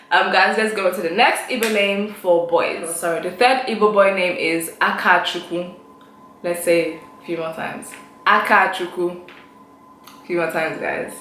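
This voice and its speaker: A woman's voice: lowish voice, fairly bright tone, echoey room, slight background noise, poor audio. Chatty young woman teaching names. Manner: chatty, repeats each name slowly for learners. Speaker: language teacher, channel host. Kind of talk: casual online language lesson.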